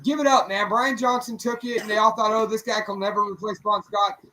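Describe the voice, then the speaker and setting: High, bright-voiced storytelling man. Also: a little fast, low-quality recording. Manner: animated storyteller who acts out friends' lines; swears casually, many fillers. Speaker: radio show co-host. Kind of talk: casual storytelling chat.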